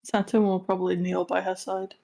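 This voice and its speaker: A woman's voice: lowish voice, monotone, brisk, creaky, dark tone. A woman playing a tabletop game, chatting in a casual, playful way. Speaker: player.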